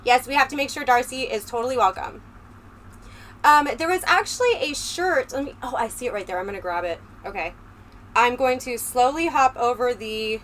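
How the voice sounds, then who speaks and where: Chatty woman livestreamer, higher voice. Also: fairly bright tone. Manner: chatty and rambling, talking straight to the chat. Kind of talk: casual livestream chat with viewers. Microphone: close desk microphone. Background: low fan hum.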